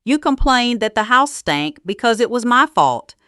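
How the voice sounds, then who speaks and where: A woman narrating a first-person drama story in a calm, cutting and deliberate way. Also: fairly high pitch, no echo, clean studio sound.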